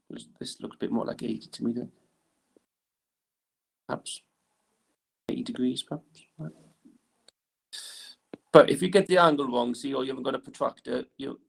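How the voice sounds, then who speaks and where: Drawing on the board during a classroom lesson, a male engineering teacher explains the exercise in a creaky, gravelly mid-pitched voice, repeatedly asking "right?" At times he faces away from the microphone.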